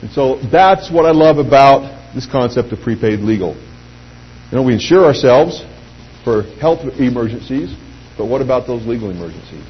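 A middle-aged man giving an anecdotal pitch speech to a live audience, telling lively stories and acting out quoted voices. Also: moderate pace. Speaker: speaker addressing a sales audience. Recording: dull lo-fi recording with faint hum.

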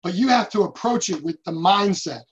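A man's voice: high voice, lively intonation, normal speed. A man leading a sales team, giving an emphatic motivational talk and telling stories with acted-out quotes. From United States. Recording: dull lo-fi recording.

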